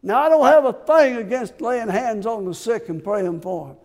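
A man's voice: very high-pitched, normal speed. A man preaching a sermon with passion, asking his congregation rhetorical questions. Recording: long hall reverb.

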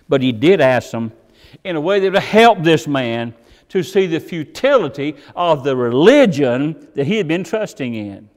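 Animated preacher man in a reverberant hall. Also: moderate pace. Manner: dramatic, voices quoted characters with swings in pitch and volume. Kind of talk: sermon.

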